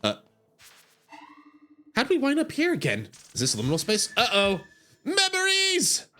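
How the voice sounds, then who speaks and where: A man streaming a video game, making joking, animated asides as he plays. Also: high voice, normal speed, faint music behind. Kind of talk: casual gameplay commentary.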